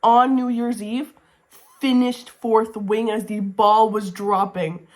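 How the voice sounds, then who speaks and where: A young woman book vlogger talking to her camera at home in a casual reading wrap-up, gushing and excitable, swearing casually and repeating herself. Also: fairly high pitch, slow pace. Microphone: camera mic, talking to camera.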